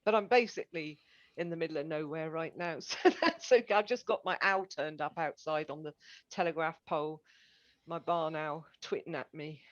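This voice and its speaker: A woman's voice: low-pitched, normal speed, no echo, dull audio. A woman co-hosting a podcast, chatting casually and giggling often. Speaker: podcast co-host. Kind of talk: casual chat.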